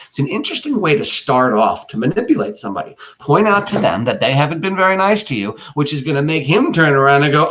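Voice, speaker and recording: A man's voice: fairly high pitch, big pitch swings, fairly quick, hardly any pauses, fairly bright tone. A male teacher explaining a classic play in a casual, slangy way. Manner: informal and chatty, using slang asides.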